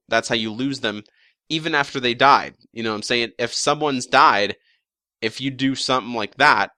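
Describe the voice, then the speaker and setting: A man's voice: mid-range voice, sharp tone, no echo, studio quality. A young man talking casually about episode predictions, rambling with lots of fillers, restarts and the odd swear word. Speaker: YouTube show commentator.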